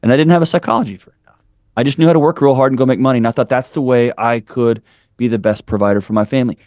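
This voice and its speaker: A man in his forties, guesting on a podcast, tells candid interview stories at a very fast clip, bluntly building his points with a preacher's fervor. His mid-range voice is a little mellow, recorded in studio quality with no echo.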